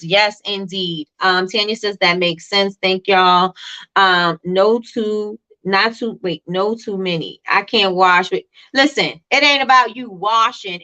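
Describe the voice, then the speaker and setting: Bright-voiced woman coaching on a live stream. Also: mid-range voice. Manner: animated, repeats herself, reads and answers chat. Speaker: host coaching small business owners.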